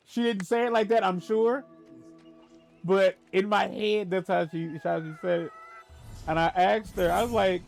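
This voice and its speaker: Male gaming streamer, casual rambling storyteller, laughs at his own jokes, gravelly edge, pitch a bit high. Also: unhurried, pauses often, faint music behind. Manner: restarts and stammers often.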